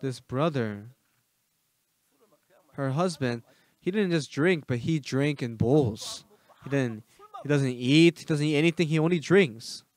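A man preaching a sermon as pastor, emphatic, firing rhetorical questions at the congregation and swinging between loud urging and soft asides. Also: mid-range voice, unhurried, long pauses.

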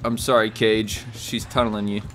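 A young man talks through a horror survival game in a loose, joking way and jumps into loud shouts when something big happens. His voice is bright and forward, and a faint hiss of noise sits under it. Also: lowish voice, moderate pace. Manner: excitable, jokey, shouts and laughs at big plays. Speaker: gaming YouTuber. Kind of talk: casual gameplay commentary.

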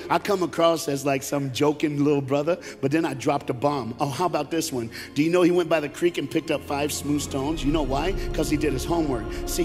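A man from Tennessee with a Southern accent, preaching an energetic conference sermon with jokes and call-and-response. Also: fairly high pitch. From Knoxville, Tennessee. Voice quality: animated, joking, call-and-response. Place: large conference hall. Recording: live hall with long reverb and faint music.

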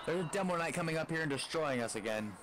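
A man's voice: on the high side, lively intonation, fast talker, a bit bright, rough recording. A man chatting with a friend during an online match and playing along as a loyal knight. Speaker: teammate. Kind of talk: casual gameplay chat.

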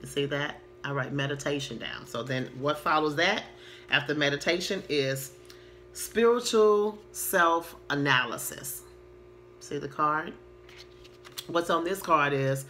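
A woman who works as a therapist, casually teaching about the law of attraction and reading affirmations slowly and earnestly. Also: low-pitched, sharp tone, a little hiss or hum. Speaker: sex therapist and spa owner. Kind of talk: casual spiritual teaching to camera.

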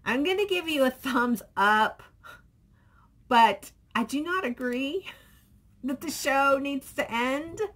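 A woman's voice: high voice, expressive, slow, a bit bright. A middle-aged woman vlogging casually, rambling and reading viewer comments aloud. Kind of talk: casual chat.

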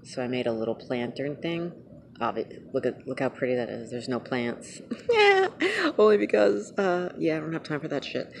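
A woman vlogging casually outdoors at night, chatting in a rambling, sometimes hushed way. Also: rumbling low, big pitch swings, moderate pace, gravelly, slight background noise. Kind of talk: casual chat.

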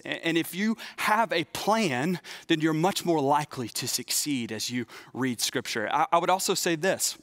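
Guy preaching to students, kinda high voice, earnest, keeps restarting his sentences. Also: expressive, normal speed, few pauses, fairly bright tone, dry recording. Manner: earnest, conversational, frequent restarts. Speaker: youth pastor. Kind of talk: sermon to students.

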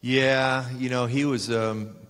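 Animated older man telling stories in a hall. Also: mid-range voice, slow, clear, resonant tone. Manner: animated, acts out quoted voices. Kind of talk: live panel storytelling. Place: stage in a large convention hall. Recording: roomy hall reverb.

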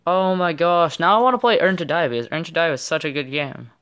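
A man giving casual, excitable gameplay commentary with playful trash talk. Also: a little high, fast talker, clean tone. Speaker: gaming channel host.

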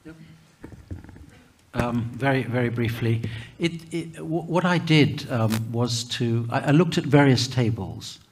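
A man speaking on a conference panel, halting with many restarts and fillers. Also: mid-range voice, slight background noise. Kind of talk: panel discussion.

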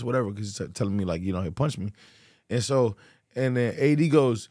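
A man chatting as a podcast guest, telling animated stories full of restarts and repeated phrases. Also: medium pitch, fast, no echo, studio quality. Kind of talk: casual podcast chat.

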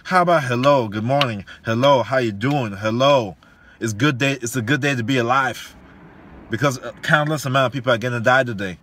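A man's voice: medium pitch, brisk, a bit bright, a little hiss or hum. A man, an online fitness coach, giving a preachy motivational monologue full of repeated lines, slang and rhetorical questions.

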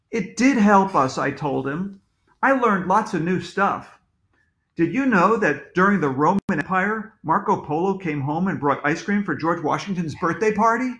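A man reading his own children's book aloud from home, playful and full of jokey asides. His voice is high and very animated. The recording carries a roomy echo.

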